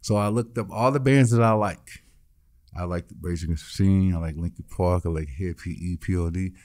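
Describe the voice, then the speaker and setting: A man's voice: deep voice, brisk, a little mellow. A man, a musician guest in an interview, telling his story bluntly and acting out the voices of the people in it. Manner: blunt, swears freely.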